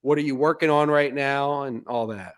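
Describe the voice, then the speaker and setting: A man hosting a sports podcast, speaking in a relaxed, halting way with many restarts. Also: mid-range voice. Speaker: podcast host. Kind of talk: casual podcast interview.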